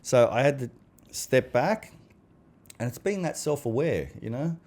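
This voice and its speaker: This podcast guest, a man in his 40s, talks bluntly in a casual chat, cursing freely and performing the exchanges he quotes. He speaks a little slowly in an expressive, medium-pitched voice with a darkish tone.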